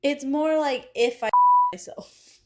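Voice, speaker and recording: A woman's voice: sits high, takes it slowly, a little mellow, slight background noise. A young woman co-hosting a podcast with her sisters, talking bluntly in casual chat and swearing freely. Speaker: podcast co-host.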